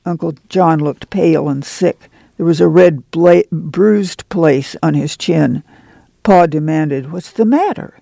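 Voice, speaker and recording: A man narrating an audiobook in a steady, measured reading. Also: a little high, vocal fry, dry recording. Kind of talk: scripted narration.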